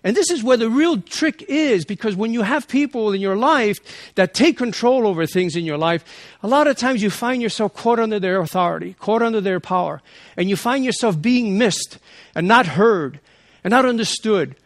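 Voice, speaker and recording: A man's voice: high voice, expressive, moderate pace, no room sound, clean studio sound. A man reading the Gospel aloud and then preaching an earnest sermon that builds in intensity. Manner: earnest, rising in intensity, with restarts. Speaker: priest.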